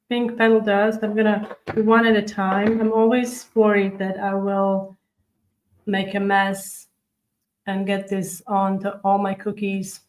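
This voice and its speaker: A woman hosts a live baking tutorial, talking viewers through each step as she decorates at her table. Her voice stays level, with little rise and fall, and she speaks in a chatty, unhurried way. She answers viewer comments as she works. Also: medium pitch, poor audio. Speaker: cookie decorating livestream host.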